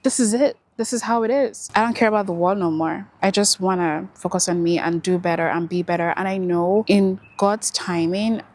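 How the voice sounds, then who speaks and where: A woman's voice: medium pitch, moderate pace, hardly any pauses, darkish tone. A young woman talking earnestly to her camera, reflecting on life and encouraging herself and her viewers. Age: young adult. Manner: earnest, self-encouraging, drawls words out. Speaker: vlogger. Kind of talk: casual reflective monologue.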